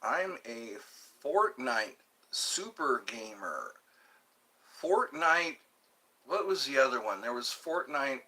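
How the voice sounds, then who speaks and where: A man's voice: medium pitch, very animated, takes it slowly, sharp tone, slightly rough. An older man hosting a casual livestream, reading viewer comments aloud and playing along with them. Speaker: livestream host.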